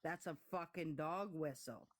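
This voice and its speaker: An indignant guest in a heated livestream discussion, mid-pitched and steady. Chimes in often with quick agreement and sharp remarks backing the host. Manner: indignant, agreeing with frequent mm-hmms.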